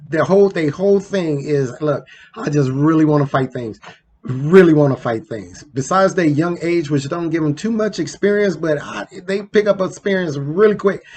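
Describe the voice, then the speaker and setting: A man's voice: a little high, slight background noise. A man hosting a casual countdown show, talking loosely and conversationally with lots of slang and asides. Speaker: host. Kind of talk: casual ranking commentary.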